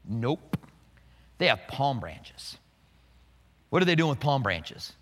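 A man preaching a sermon in an animated way, acting out the scenes he describes. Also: medium pitch, a little slow, long reverb tail. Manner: animated, acts out scenes with quoted voices. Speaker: pastor.

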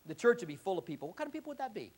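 Male pastor, high animated voice, impassioned sermon delivery in church. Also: racing, husky. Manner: impassioned, rising to emphatic exhortation.

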